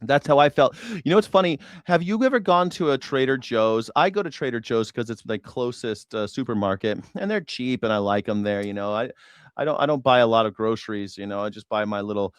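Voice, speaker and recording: A man's voice: mid-range voice, expressive, a little fast, smooth, no room sound. A man hosting a news reaction show, chatting casually in a rambling, profane, sarcastic way. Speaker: host.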